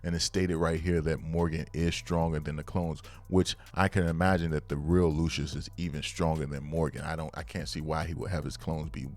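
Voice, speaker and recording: A man with a low, deep voice talks through new comic chapters in a loose, slangy way. He gets worked up easily and spikes into loud, excited outbursts before settling back into easy chat. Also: brisk, few pauses. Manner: slangy, excitable, breaks into loud bursts of hype. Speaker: manga reviewer. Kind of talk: casual chapter review.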